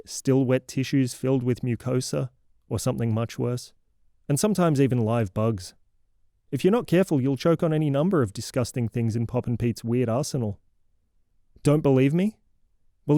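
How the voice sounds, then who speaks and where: Man voicing a sarcastic, theatrical scold lecturing a kid, mellow dark tone, dry close sound. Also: medium pitch, dry recording, lightly acted. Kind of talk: comic horror audio fiction monologue.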